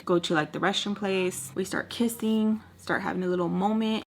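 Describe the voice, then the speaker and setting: A young woman chatting through a personal story while doing her makeup, full of "like" fillers, with quotes acted out in lively bursts. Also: mid-range voice, normal speed, few pauses, slight background noise. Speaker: storytime vlogger.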